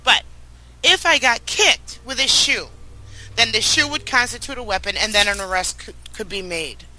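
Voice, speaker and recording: A woman's voice: fairly high pitch, normal speed, sharp tone, poor audio. A middle-aged woman speaking as a guest, telling her personal story in an earnest, emotional way with frequent restarts.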